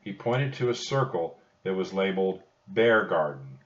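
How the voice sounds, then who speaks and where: A man narrating a children's storybook audiobook in a slow, expressive storytelling manner. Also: low voice. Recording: dull distant recording.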